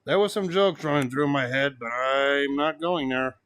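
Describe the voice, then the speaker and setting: A man in casual chat reviewing an old wrestling event, animated, cursing freely and laughing as he mimics what people said. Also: medium pitch, normal speed, clear, resonant tone. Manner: animated, swears, laughs often, mocks quotes. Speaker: podcast co-host.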